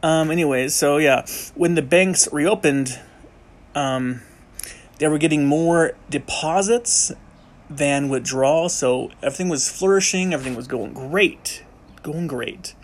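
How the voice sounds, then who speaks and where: Casual male history explainer, slightly high voice, unhurried and rambling, lots of self-corrections. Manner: rambling, jokey, many restarts and self-corrections. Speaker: amateur history presenter.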